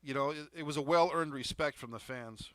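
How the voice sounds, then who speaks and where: A male co-host chatting casually and relaxed, often saying "you know" and "I mean.". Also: fairly high pitch, a little fast, no room sound. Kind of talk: casual chat.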